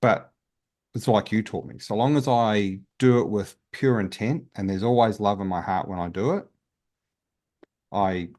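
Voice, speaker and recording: A man's voice: lowish voice, a little slow, a little mellow. A man, a guest healer, telling his story in a casual interview in an earnest, open way with many restarts.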